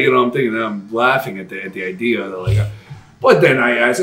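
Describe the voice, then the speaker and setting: A lively New York storyteller, his voice leaping up and down as he mimics the people in his tale. He sounds set back from the mic in a roomy, echoing space, and he swears freely in relaxed conversation. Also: mid-range voice, brisk, far from the mic. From New York, Queens. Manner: animated, profane, acts out quoted voices. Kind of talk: casual chat, storytelling.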